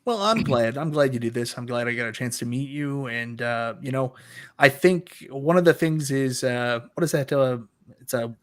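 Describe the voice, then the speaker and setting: A man's voice: mid-range voice, moderate pace. A man hosting a casual interview show, easygoing, chatty and appreciative toward his guest. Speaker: host.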